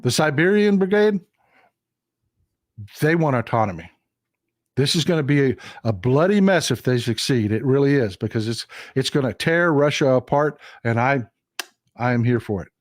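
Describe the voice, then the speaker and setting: He hosts a political commentary show streamed live, discussing a map and hammering points home by repeating phrases emphatically. The Texan speaks in an animated, mid-range voice at normal speed, in clean studio sound with no room sound.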